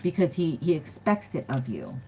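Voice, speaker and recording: Woman tarot reader, low-ish voice, casual and giggly, faint background hiss. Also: huge pitch swings, normal speed, warm tone, poor audio. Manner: chatty, giggly, acts out quoted voices. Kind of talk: casual tarot reading to viewers.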